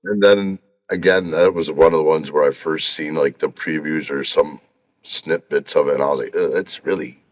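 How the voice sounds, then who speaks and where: Man with a very deep, low voice. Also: fairly even intonation, moderate pace. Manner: laid-back, self-deprecating, chuckles often. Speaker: podcast guest. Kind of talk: casual chat. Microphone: livestream video call.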